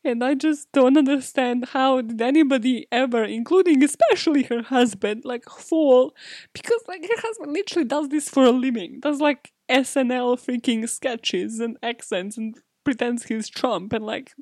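A woman's voice: high-pitched, moderate pace, a little mellow, no room sound, studio quality. A woman hosting a podcast, telling a true-crime story in a casual, profane, chatty way with sarcastic asides. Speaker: podcast host.

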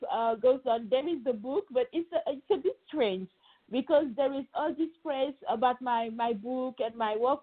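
A woman with a French accent, a guest in a remote interview, speaking haltingly with many fillers and restarts. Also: on the high side. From France. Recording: phone-like narrow sound.

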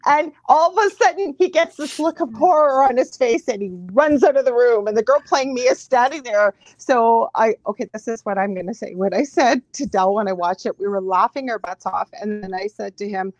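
A woman who works as a psychic medium, a podcast guest telling stories in a lively, chatty way with frequent laughs. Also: on the high side, no room sound. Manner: animated storyteller, laughs often, quick asides. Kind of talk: casual chat, storytelling.

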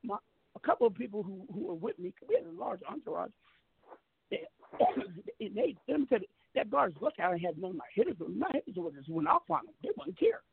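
Brief: high gravelly male storyteller, boastful and profane, phone line. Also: sing-song, brisk. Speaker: guest telling a story. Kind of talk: animated storytelling on a talk show.

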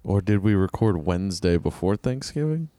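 A man's voice: sits low, sing-song, moderate pace, dark tone, dry recording. A man co-hosting a podcast, teasing his friend in a dry, laid-back way. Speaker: podcast co-host. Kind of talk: casual banter.

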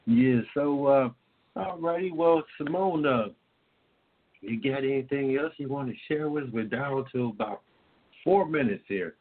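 A man's voice: mid-range voice, measured pace. A man from Indiana hosting a talk-radio show in a casual, rambling way, full of fillers. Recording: tinny phone-line sound.

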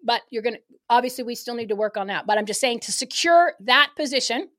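A woman guest on a talk show speaking in a fired-up, emphatic, rapid way. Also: on the high side, expressive, a bit bright. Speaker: guest activist. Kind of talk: casual talk-show chat.

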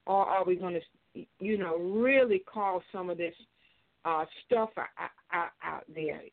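An older woman calling in to a talk show, speaking haltingly with many hesitations and restarts. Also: lowish voice. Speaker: caller. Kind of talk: call-in radio commentary. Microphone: phone. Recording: tinny phone line.

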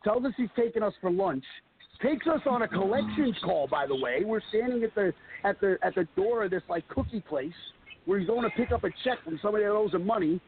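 Gravelly high-voiced man telling a comic story. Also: animated, brisk. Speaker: wrestler guest. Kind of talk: casual podcast chat. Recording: tinny phone-like line, faint hiss.

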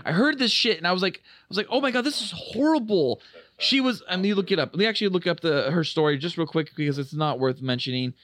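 An excitable man co-hosts a casual podcast while watching a film, rambling from one story to the next and swearing freely. His voice sits a little high and sounds bright and forceful. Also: fast talker, hardly any pauses. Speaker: podcast co-host. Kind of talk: casual chat over a movie.

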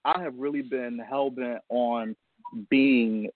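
A man's voice: mid-range voice, steady tone, slow. A man guest on a casual radio interview, telling a heartfelt story about being a father and laughing often. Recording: tinny phone line, dry.

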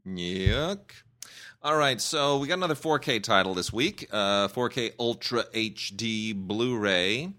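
A man's voice: mid-range voice, unhurried, few pauses, sharp tone. A man co-hosting a casual film review podcast, opinionated and rambling with frequent restarts. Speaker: film critic co-host.

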